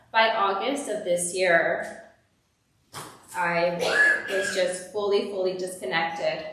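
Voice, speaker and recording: As a guest speaker at a church service, a woman gives a candid, conversational personal testimony, saying "like" often. Her lowish voice is a bit bright, picked up from far off in an echoey church hall with slight background noise.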